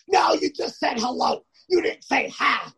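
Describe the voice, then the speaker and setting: A man mimicking an overexcited male coworker who gushes and shouts in a high, raised voice. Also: expressive, a little slow, vocal fry, exaggerated voice. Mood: gushing.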